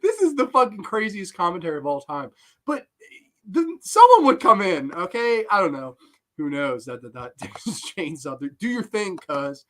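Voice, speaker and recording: A man's voice: high voice, sing-song, normal speed, bright, forceful tone. A young man giving rambling, profane live commentary on a horror film and breaking into giggling fits.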